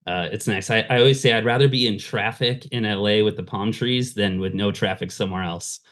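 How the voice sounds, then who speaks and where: A man's voice: lowish voice, brisk, fairly bright tone. A man, a pastor, candidly telling his life story in a casual interview, with many fillers. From Southern California. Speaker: pastor and fundraising consultant, guest.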